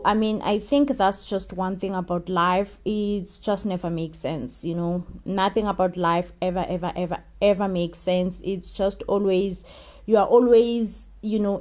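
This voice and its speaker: A woman's voice: medium pitch, darkish tone. A South African woman hosting a casual soap recap vlog, chatting freely and mixing in isiZulu or isiXhosa words with lots of "you know".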